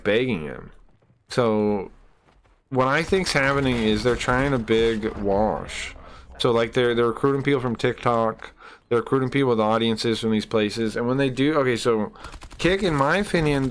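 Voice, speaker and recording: A man's voice: mid-range voice, slight background noise. A man streaming live, chatting loosely with his viewers and reading numbers off the screen as he goes. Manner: loose and rambling, talking to chat and tallying numbers aloud. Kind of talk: casual live-stream chat.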